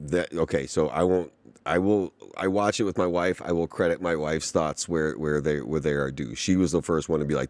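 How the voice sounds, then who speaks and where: Man, podcast host, low voice, dry close sound, casual rambling chat, swears and laughs a lot. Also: steady tone, normal speed, darkish tone, no room sound. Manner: loose, swearing, laughs often, lots of fillers.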